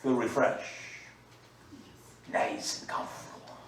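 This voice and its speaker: A man preaching a sermon, moving from quiet asides to loud, slow scripture reading. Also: a little hiss or hum. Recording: echoey room, mic at a distance.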